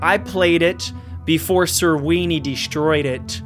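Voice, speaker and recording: A man hosting a podcast, chatting casually in a playful, teasing, animated way. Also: fairly high pitch, takes it slowly, faint music behind. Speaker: podcast host.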